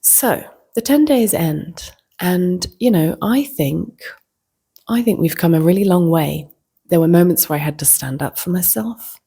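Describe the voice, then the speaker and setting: A woman vlogger telling a personal story in a reflective, casual way, slipping into soft whispers. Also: on the low side, expressive, unhurried, breathy edge.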